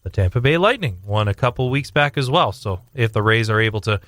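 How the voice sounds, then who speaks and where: A young man talking sports on a radio show, rambling with fillers and restarts as he tells a story with growing excitement. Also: fairly low pitch, brisk, no echo, studio quality. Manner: animated storytelling. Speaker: sports commentator guest. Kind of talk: casual radio sports chat.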